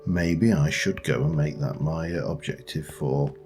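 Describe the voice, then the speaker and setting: A man's voice: a bass voice, a little slow. A man giving casual, meandering let's play commentary and talking to the creatures in his game as he plays. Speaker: gaming channel host. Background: faint background music.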